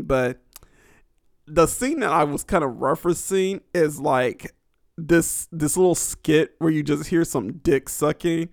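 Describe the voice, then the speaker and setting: Laughing, crude young man with a fairly high voice. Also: vocal fry, no echo, clean studio sound. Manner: crude, laughing often, rambling with many fillers. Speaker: podcast host. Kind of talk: casual solo podcast storytelling.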